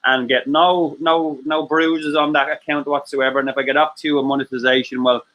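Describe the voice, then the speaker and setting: A man's voice: on the high side, level tone, normal speed, highs cut off. A man, hosting a casual live-stream chat, sweary and rambling with lots of laughs. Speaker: host.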